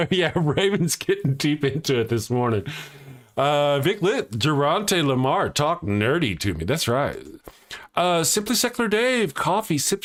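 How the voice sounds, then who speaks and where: Chatty man hosting a live stream. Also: mid-range voice. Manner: rambling, joking, laughs often at his own jokes; reads out viewer comments and teases chatters. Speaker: livestream host. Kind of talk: casual live-stream chat.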